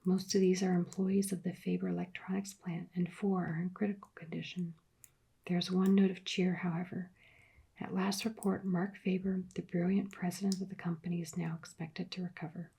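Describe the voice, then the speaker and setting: A woman voicing a matter-of-fact male radio news announcer in a whispered role-play, with an even newsreader delivery. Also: lowish voice, normal speed, vocal fry, breathy edge, exaggerated voice. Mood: sober.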